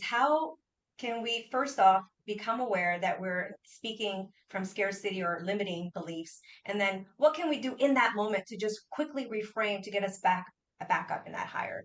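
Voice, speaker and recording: A woman's voice: mid-range voice, moderate pace, a bit bright, rough recording. A woman hosting a podcast, affirming her guest with enthusiasm and asking long, searching questions. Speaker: podcast host. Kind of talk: casual podcast interview.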